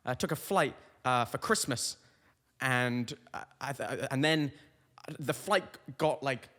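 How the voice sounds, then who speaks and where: Young man, comedian host, rambling tangents, mid pitch, long hall reverb. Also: takes it slowly, fairly bright tone. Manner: rambling, tangent-prone storytelling. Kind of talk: comic podcast monologue.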